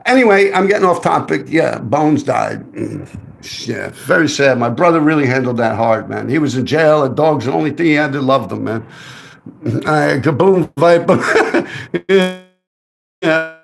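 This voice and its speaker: Livestream host: a man with lively swings of pitch, profane and rambling. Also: a little slow, vocal fry. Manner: rambling, heavily profane, worked-up storytelling. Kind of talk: casual livestream storytelling.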